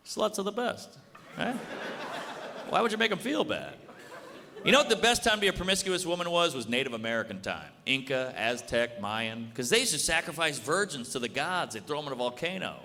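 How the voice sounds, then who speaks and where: A man on a comedy club stage with a fairly high voice that swings widely in pitch, delivering blunt, deadpan jokes and snapping into quick voices for the people in his stories. A laughing audience and a long reverb fill the live room behind him. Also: noisy background. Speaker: stand-up comedian. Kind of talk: stand-up routine.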